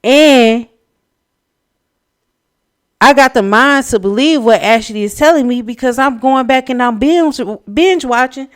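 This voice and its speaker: A woman co-hosting a casual reality TV recap podcast, speaking in with a blunt, opinionated, animated manner. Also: sits high, a little slow, long pauses. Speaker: podcast co-host.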